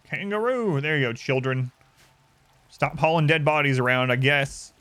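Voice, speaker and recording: A man's voice: fairly high pitch, normal speed, a bit bright, clear, resonant tone, no room sound. Wry male game streamer chatting to chat. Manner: rambling, wry, chatting to viewers. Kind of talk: casual live-stream commentary.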